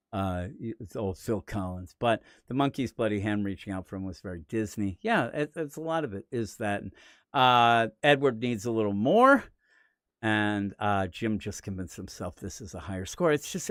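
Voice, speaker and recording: Jokey American man, podcast co-host, animated delivery, dry sound. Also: no room sound. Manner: jokey, puts on silly high accent voices. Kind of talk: casual live-stream chat.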